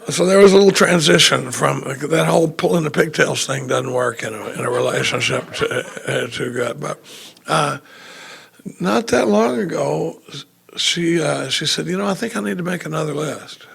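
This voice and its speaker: A man's voice: a little high, lively intonation, moderate pace, fairly bright tone. A man speaking at a recovery retreat, telling a self-mocking story to a live audience with many restarts. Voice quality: gravelly, raspy. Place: retreat meeting room with audience.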